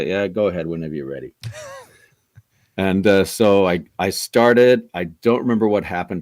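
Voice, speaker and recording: Middle-aged guy, deep low voice, rambles through his stories w lots of restarts, dry sound. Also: dry recording. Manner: rambling, many restarts and asides. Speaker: voice actor guest. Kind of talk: casual interview storytelling.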